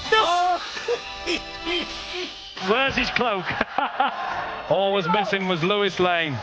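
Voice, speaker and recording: Very high excitable male commentator. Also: extremely slow, lo-fi sound, loud music behind the voice. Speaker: match commentator. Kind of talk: live sports commentary.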